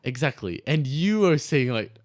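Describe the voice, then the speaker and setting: A man's voice: medium pitch, sing-song, moderate pace. A young man co-hosting a laid-back podcast, talking loosely and restarting phrases as he searches for words. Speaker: podcast co-host. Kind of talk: casual chat.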